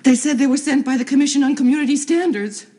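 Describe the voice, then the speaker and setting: An actress playing a distraught, melodramatic woman researcher in a 1970s TV soap, with a high, quavering voice. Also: lively intonation, normal speed. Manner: melodramatic, tearful outbursts.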